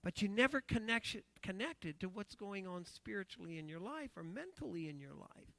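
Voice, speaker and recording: A man's voice: high-pitched, expressive, normal speed, gravelly, a bit bright. A middle-aged man preaching a sermon, telling an emotional story, repeating phrases and acting out what others said.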